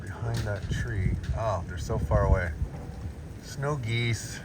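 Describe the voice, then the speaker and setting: A middle-aged man, a farm church minister, chatting casually on a windy farm and cooing at his animals in high baby talk. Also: slow pace.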